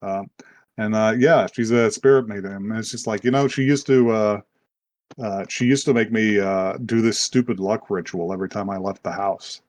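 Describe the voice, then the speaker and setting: A man's voice: fairly low pitch, fairly even intonation, moderate pace, darkish tone. Rambling man recapping an anime. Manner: rambling, swearing, acts out characters' lines with laughs. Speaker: podcast host. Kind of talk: casual chat recapping an anime.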